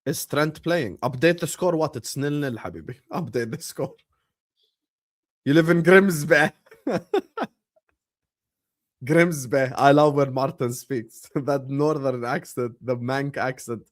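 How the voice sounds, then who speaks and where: A young man hosting a live football watchalong, chatting casually with his viewers and shouting at big moments of the match. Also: medium pitch, a little slow. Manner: animated, bursts into loud shouts at match moments, banters with chat. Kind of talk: casual live-stream chat and match commentary.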